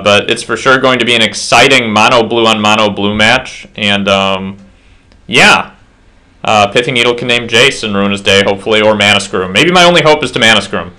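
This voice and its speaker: A man's voice: lowish voice, pushed and bright. A slightly tipsy man casually commentating his own card game match at home, rambling with self-deprecating asides.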